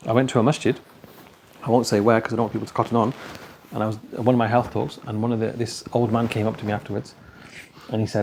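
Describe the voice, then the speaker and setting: A man's voice: fairly low pitch, little pitch movement, fast talker, creaky, darkish tone, slight background noise. A man giving a conversational religious talk, telling stories and acting out the dialogue. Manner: anecdotal, conversational, acts out dialogue. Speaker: speaker at a talk.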